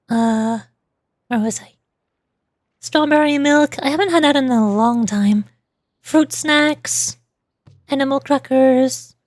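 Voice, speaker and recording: A woman streaming and chatting casually with viewers, talking fast when excited and laughing often. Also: high-pitched, no echo, clean studio sound. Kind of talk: casual livestream chat.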